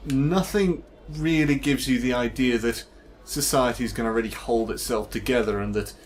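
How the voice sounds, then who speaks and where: A man's voice: mid-range voice, moderate pace, slight background noise. A man casually and enthusiastically commenting over gameplay at home on a headset mic. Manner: chatty, enthusiastic, laughs often.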